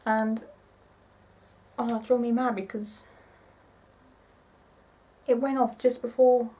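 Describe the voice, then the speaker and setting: A woman in her twenties chatting casually to camera in a rambling, excitable way, often correcting herself. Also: fairly high pitch, takes it slowly, recorded from a distance, low-quality recording. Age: 20s. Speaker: vlogger.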